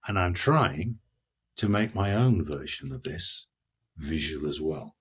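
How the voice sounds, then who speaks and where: An older man, an author, talking with passion about poetry and reading verse aloud with slow, dramatic emphasis. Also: rumbling low, husky. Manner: expressive, reads verse aloud slowly and dramatically. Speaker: author and guest. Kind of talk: passionate literary discussion.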